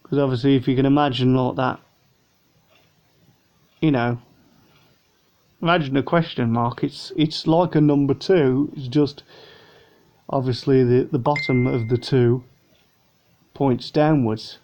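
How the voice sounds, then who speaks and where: Unboxing and reviewing a model plane, a man rambles along in a relaxed, slightly weary way, leaving long pauses. He has a mid-range, darkish voice with fairly even intonation and an unhurried pace, recorded in dull lo-fi at home.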